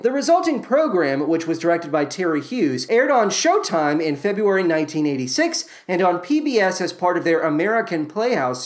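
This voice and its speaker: A man hosting a scripted theater review podcast, reading his notes with wry, sarcastic asides. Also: high voice. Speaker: podcast host.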